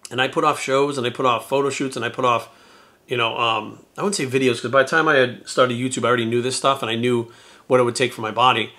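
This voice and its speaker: Fast-talking, bright-voiced candid man. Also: medium pitch, fairly even intonation. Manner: candid, profane and rambling, with frequent restarts. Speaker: YouTuber and retired bodybuilder. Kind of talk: casual storytelling to camera.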